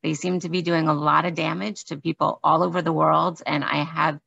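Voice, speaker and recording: A woman hosting an interview, with a low, gravelly voice. She speaks in a friendly, deliberate way. The recording is dull and lo-fi, with a dry, close sound. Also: flat delivery, fairly bright tone, dry recording. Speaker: host. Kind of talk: conversational interview.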